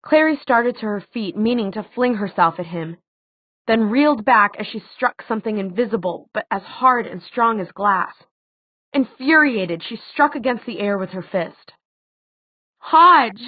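A woman reading a novel aloud as an audiobook narrator, steady and expressive. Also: medium pitch, moderate pace, no echo. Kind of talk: scripted narration. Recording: tinny phone-like dry sound.

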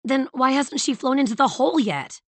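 A woman's voice: medium pitch, big pitch swings, normal speed, fairly bright tone. A woman voicing a spirited, teasing young assistant. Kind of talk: audiobook character voice.

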